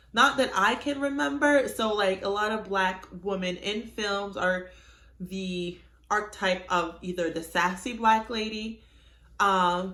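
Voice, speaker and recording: A woman's voice: mid-range voice, fairly bright tone. A young woman vlogging at home to her phone camera, candid and chatty with exasperated asides. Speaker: YouTuber. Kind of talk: casual vlog talk to camera. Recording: echoey room.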